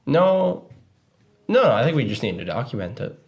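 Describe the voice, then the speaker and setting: A man's voice: mid-range voice, big pitch swings, normal speed, gravelly, highs cut off. A man co-hosting a casual podcast, bantering with dry, teasing remarks. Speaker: podcast co-host. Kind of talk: casual chat.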